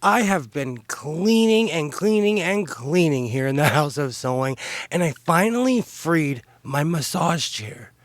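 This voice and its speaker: A man's voice: fairly high pitch, animated, measured pace, no echo. A man vlogging casually from his home sewing room, showing off his makes and often breaking into laughter. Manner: giggly, keeps breaking into laughter. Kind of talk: casual show-and-tell vlog.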